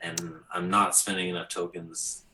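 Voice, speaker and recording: A man's voice: deep voice, level tone, moderate pace, bright, forceful tone, rough recording. A man playing a tabletop role-playing game, joking around and laughing often. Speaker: player. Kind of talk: casual tabletop play.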